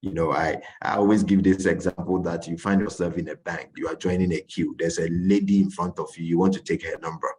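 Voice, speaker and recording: A man with a West African English accent, answering questions in a session and telling anecdotes in an animated, playful way. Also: low voice, a little fast, few pauses. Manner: animated, acts out little scenes. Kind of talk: informal talk with anecdotes.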